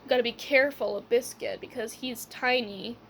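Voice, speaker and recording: Young adult woman, higher voice, loose casual storyteller who fills every gap with "like" and laughs, faint background hiss. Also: steady tone, moderate pace. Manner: rambling, full of "like" and "whatever", laughing.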